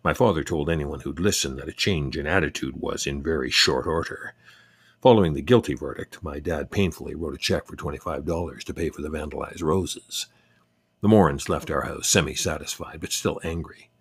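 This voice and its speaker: An older man narrating a personal memoir in a reflective, unhurried, wry way. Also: rumbling low, husky, no room sound. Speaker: storyteller.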